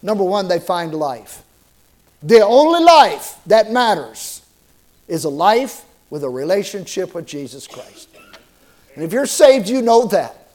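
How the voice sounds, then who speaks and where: Slow-preaching high-voiced man pastor. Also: very animated, a little mellow. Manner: preaching with rhetorical questions and little jokes, repeats words. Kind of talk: sermon.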